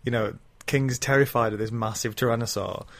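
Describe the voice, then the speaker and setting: A man in relaxed conversation, recapping a book's scenes and often laughing along the way. He slips briefly into quoted lines from the story as he goes. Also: medium pitch, fairly quick. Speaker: podcast co-host. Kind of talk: casual chat retelling a novel.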